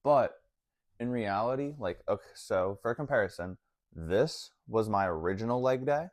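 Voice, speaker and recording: A man's voice: fairly low pitch, expressive, normal speed, no echo, clean studio sound. A man vlogging about fitness in a casual, slangy way, full of "like" and "honestly.". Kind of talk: casual talk to camera.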